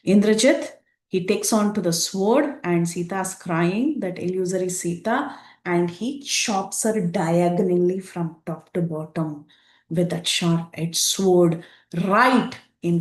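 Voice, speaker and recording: A woman's voice: lowish voice, reverberant. Woman telling a scripture story. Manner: animated retelling with frequent fillers. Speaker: scripture class teacher.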